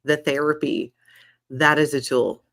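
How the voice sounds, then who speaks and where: A woman's voice: low voice, flat delivery, measured pace, creaky, fairly bright tone. A woman speaking as a guest in a candid conversation, sounding reassuring and reflective. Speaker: podcast guest.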